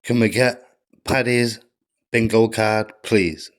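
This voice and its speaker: A man hosting a mock bingo game and heckling a video with swearing, in a slow drawl. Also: on the low side, fairly even intonation. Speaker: comedy video host. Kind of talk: mock game-show commentary.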